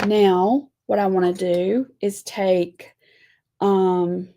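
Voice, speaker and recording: Woman, lettering teacher, chatty and folksy, unhurried, warm mellow tone. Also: medium pitch, fairly even intonation. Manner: chatty, folksy, says y'all. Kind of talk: live-streamed craft lesson.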